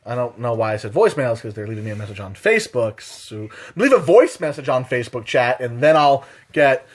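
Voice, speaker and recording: A man's voice: mid-range voice, brisk. A young man co-hosting a podcast, chatting casually, telling stories in a profane, joking way. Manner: profane, joking, animated storytelling. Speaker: podcast co-host. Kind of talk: casual chat.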